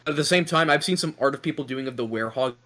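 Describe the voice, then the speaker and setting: A man's voice: medium pitch, fast, sharp tone. Young man, podcast host, casual chat, joking and rambling, call mic. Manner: joking, rambling, self-deprecating.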